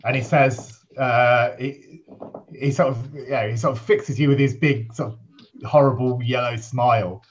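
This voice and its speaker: A man's voice: mid-range voice, a little slow, a little hiss or hum. A man running a tabletop game, prompting players and describing scenes casually. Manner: prompting, relaxed. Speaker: game master. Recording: dull lo-fi call audio.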